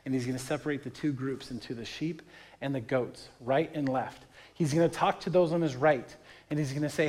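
A man's voice: mid-range voice, brisk, darkish tone. A man in his thirties, a pastor, preaching a sermon in a conversational, storytelling way, acting out the people he quotes.

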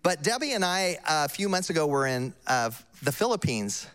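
A man's voice: fairly high pitch, very animated, moderate pace, a bit bright, clear, resonant tone. An older man preaching a sermon, telling a story in a conversational, emphatic way.

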